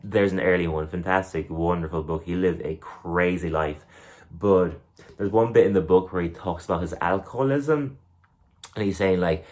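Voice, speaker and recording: A man's voice: low voice, normal speed. A young man, a comedian, rambling casually through his bits and acting them out in silly voices. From Ireland. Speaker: comedian and podcast host.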